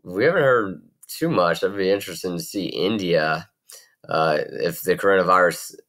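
A man's voice: low voice, normal speed, fairly bright tone. A man teaching a recorded geography video lesson in a chatty, rambling way with jokey asides.

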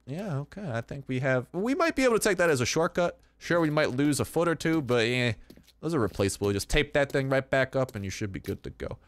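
A young man rambling through casual gameplay commentary, goofy and self-mocking, with sudden excited outbursts. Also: medium pitch, slight background noise. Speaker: gaming YouTuber.

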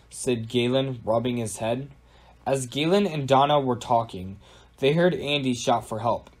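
Male narrator, audio storybook, plain even delivery, mid pitch. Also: unhurried.

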